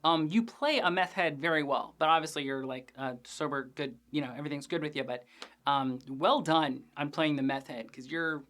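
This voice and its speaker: A woman's voice: low voice, normal speed, fairly bright tone. A woman hosting a TV after-show, reviewing an episode in a casual, joking way with frequent swearing. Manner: chatty, profane, joking asides.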